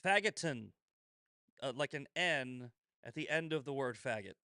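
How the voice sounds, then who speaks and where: A man's voice: medium pitch, lively intonation, a little slow, sharp tone, dry recording, clean studio sound. A man hosting a casual commentary show, swearing freely, sarcastic, often breaking into laughter. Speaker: host.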